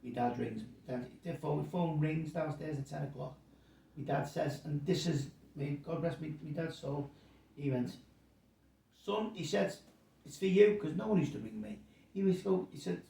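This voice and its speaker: Gravelly man in his sixties. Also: on the high side, moderate pace, mellow. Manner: rambling, self-correcting, acts out quotes. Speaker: guest storyteller. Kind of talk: casual anecdote telling. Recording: roomy sound, distant mic.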